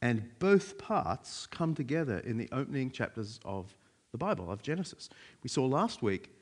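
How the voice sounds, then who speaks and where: A man preaching a sermon in a conversational way, with frequent fillers. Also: medium pitch.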